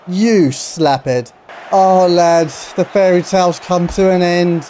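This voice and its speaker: A young man giving excited live commentary over a football video game, swinging between shouts and low muttering. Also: slow pace, slight background noise. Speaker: gaming YouTuber.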